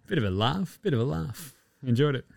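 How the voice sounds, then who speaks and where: A man's voice: medium pitch, very animated, normal speed, vocal fry, a little mellow, dry recording, studio quality. A man with an Australian accent hosting a casual, rambling chat with lots of swearing and chuckling asides. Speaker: podcast host.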